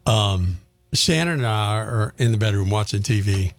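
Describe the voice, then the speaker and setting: A man co-hosting a morning radio show, telling stories in casual, animated banter. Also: lowish voice, moderate pace. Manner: chatty storyteller, animated. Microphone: studio microphone.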